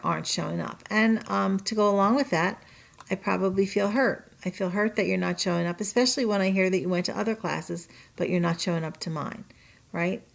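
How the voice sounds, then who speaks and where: This is a woman teacher speaking to her students in a recorded online lesson. Her voice sits low and has a gravelly fry. She keeps a chatty tone, restarts sentences, draws on personal examples and keeps checking in with her listeners. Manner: chatty, checks in with tag questions.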